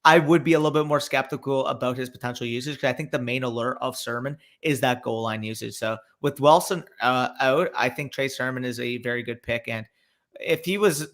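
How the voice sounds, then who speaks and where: A young man hosting a casual live fantasy football stream, reading viewer questions aloud and reacting quickly. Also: medium pitch, fairly bright tone. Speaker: fantasy football podcast host.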